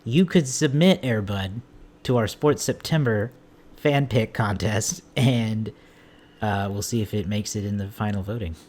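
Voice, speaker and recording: A man's voice: fairly low pitch, measured pace, a little mellow, slight background noise. A man hosting a casual movie podcast, with dry, sarcastic humor and mock enthusiasm. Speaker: podcast host.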